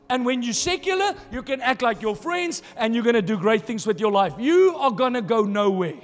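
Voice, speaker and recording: A man's voice: extremely high pitch, in a large hall. A man preaching a sermon as pastor, emphatic and repeating key phrases for stress. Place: church hall.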